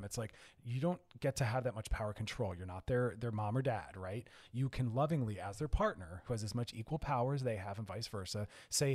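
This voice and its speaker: A man's voice: fairly low pitch, quick pace, few pauses, darkish tone. A man hosting a radio advice show, speaking directly and earnestly as he coaches listeners in a conversational way. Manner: conversational with frequent "like" and "I don't know". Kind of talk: frank advice talk on air.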